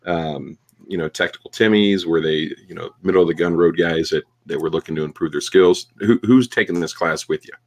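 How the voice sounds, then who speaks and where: Deep-voiced man asking questions. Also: a little fast. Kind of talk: interview questions.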